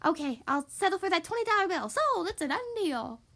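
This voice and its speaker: A woman voicing a sly, fast-talking male fox who sells like a pushy salesman, in a children's storybook reading. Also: sits high, sing-song, a bit bright, voice pushed up.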